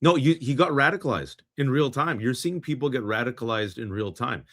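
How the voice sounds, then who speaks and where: A man's voice: medium pitch, fairly quick, a bit bright. A middle-aged man hosting a political podcast, impassioned and sarcastic, acting out mock dialogue to make his points. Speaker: podcast host. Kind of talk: political commentary.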